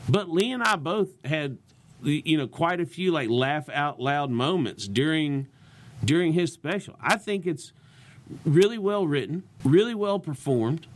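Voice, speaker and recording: Animated Southern man, lots of inflection. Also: a little high, a little slow. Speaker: comedian and podcast co-host. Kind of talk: casual chat.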